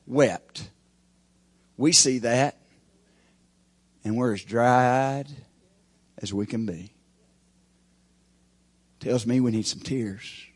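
A man preaching a sermon, asking the congregation questions and swinging between loud emphasis and quiet asides. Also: mid-range voice, extremely slow, pauses often. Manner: call-and-response preaching, rising and falling emphasis.

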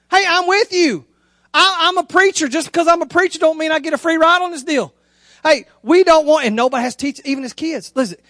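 A preacher with a strikingly high voice, swept up in animated storytelling as he preaches. He keeps calling out to his listeners directly, and the sound is dry and close with no room echo. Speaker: pastor. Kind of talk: sermon.

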